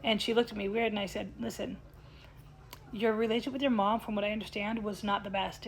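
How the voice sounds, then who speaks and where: A woman speaking as a psychic medium, telling a personal story in a chatty vlog style and often dropping to a hushed tone when she quotes what was said. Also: mid-range voice, fairly even intonation, fairly quick, slight background noise. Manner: chatty, recounts dialogue, drops to a hushed tone when quoting.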